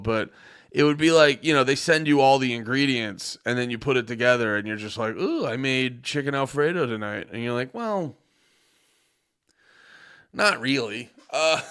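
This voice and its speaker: A man's voice: medium pitch, fairly bright tone, clean tone. A man hosting a livestream, rambling casually, swearing and joking. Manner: rambling, profane, joking, laughs often. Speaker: livestream host.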